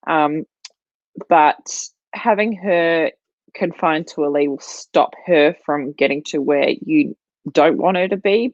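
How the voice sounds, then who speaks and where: A woman's voice: sits low, no echo. A woman dog trainer giving practical advice in a chatty live Q&A from home, with lots of fillers. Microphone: livestream mic. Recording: dull, lo-fi and dry.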